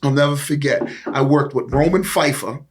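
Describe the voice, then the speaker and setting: Boston man in his forties, lively storyteller, cursing and laughing, voice on the high side. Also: moderate pace. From East Boston, USA. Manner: animated, rambling, profane, laughing often. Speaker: guest, former pro football player. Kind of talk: casual storytelling in a podcast chat.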